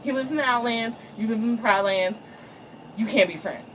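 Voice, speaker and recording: A woman voicing a stern, overprotective lion king father who talks gruff, bossy and crude. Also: fairly high pitch, normal speed, slight background noise, close to an everyday voice, poor audio.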